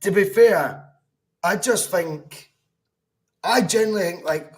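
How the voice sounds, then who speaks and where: Scottish man, high pitch, football podcast co-host, animated rant, swears, mock quotes. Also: takes it slowly. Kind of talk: casual football chat.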